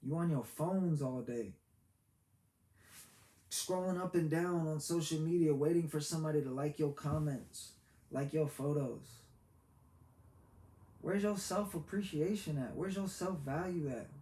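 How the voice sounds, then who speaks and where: A man giving a heartfelt, preachy motivational talk, halting and repeating himself as he goes. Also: fairly high pitch, warm tone. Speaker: motivational vlogger. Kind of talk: earnest motivational monologue. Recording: echoey room with faint background hiss.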